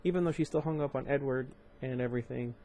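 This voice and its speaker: A man's voice: medium pitch, fast, mellow, slight background noise. A young man reading a novel aloud on his channel, breaking off into casual, chatty asides with fillers and restarts. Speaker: audiobook reader and channel host. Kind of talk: amateur book reading with commentary.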